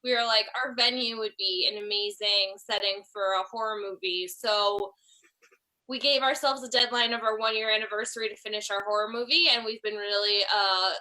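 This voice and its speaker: A woman comedy writer chatting as a guest, enthusiastic and quick with joking asides. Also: medium pitch, pushed and bright, rough recording. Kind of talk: casual chat.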